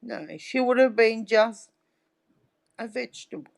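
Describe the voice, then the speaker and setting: A woman's voice: on the high side, a little slow, gravelly. A middle-aged woman talking as a guest in a casual interview, telling stories in a chatty way and often checking in with "right?". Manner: chatty storyteller, tags lines with "right?".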